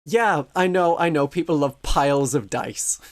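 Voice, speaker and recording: A man's voice: fairly high pitch, normal speed. A man chatting as a vtuber guest, explaining a hobby game in a wry, self-deprecating way and laughing often. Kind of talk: casual explanatory chat.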